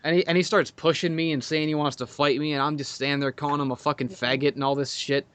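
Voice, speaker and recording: A man's voice: on the high side, steady tone, fast talker, a bit bright, no echo. A man telling a crude, profanity-heavy story in casual podcast chat, laughing often. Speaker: podcast guest.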